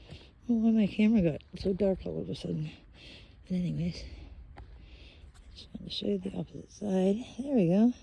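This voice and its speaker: A woman filming a casual vlog on a handheld phone as she walks through a forest, speaking softly and often slipping into a whisper. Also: medium pitch, brisk, gravelly, long pauses, breathy edge. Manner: soft-spoken, often whispering. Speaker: vlogger. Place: outdoors in a forest.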